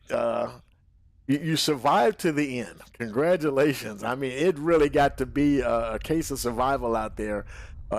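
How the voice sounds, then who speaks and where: A man hosting a broadcast and interviewing drivers after a race, with a folksy, drawn-out way of talking. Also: medium pitch.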